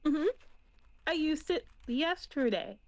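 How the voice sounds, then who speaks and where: Coy female fairy-demon adventurer, played by a woman, teasing and offhand, fairly high. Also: animated, takes it slowly, no room sound, full character voice.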